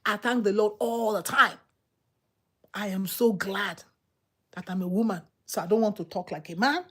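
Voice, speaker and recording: A woman's voice: mid-range voice, normal speed, breathy edge. Emphatic woman preaching a sermon. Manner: emphatic, repetitive, exhorting.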